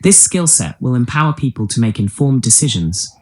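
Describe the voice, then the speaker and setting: A man's voice: medium pitch, big pitch swings, brisk, a little mellow, natural voice. A man's voice speaking as a polite male conversational AI chatbot, with a polished, lecturing delivery. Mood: explaining. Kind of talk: text-to-speech answer played aloud.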